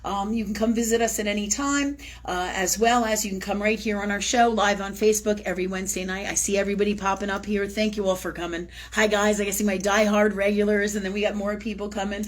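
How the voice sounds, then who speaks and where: A woman's voice: medium pitch, fairly even intonation, fast, hardly any pauses. A woman hosting a live spiritual talk show, speaking casually and effusively, repeating words for emphasis and swearing now and then. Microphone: live-stream setup.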